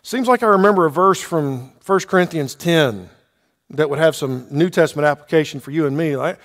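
A man's voice: a little high, a little fast, a bit bright, in a large hall. A man teaching a Bible lesson verse by verse, asking his listeners questions and checking in with "okay" often.

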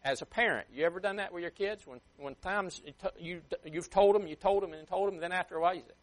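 A man preaching a sermon with emphatic swings in loudness and pace, sometimes acting out a parent scolding a child. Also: high voice, fast talker. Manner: emphatic, rising and dropping sharply for effect.

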